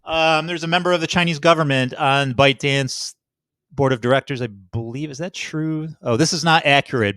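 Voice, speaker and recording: A man's voice: mid-range voice, fairly bright tone, smooth, dry recording. A man commenting casually while reading through a web page, rambling, swearing and correcting himself as he goes. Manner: rambling, profane, self-correcting.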